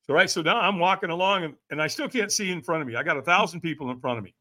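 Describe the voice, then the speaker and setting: A middle-aged man, a personal development coach, telling an animated story as a podcast guest, acting out what others said and often checking in with "right?". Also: on the high side, rapid-fire. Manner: lively, acts out quoted voices, frequent "right?".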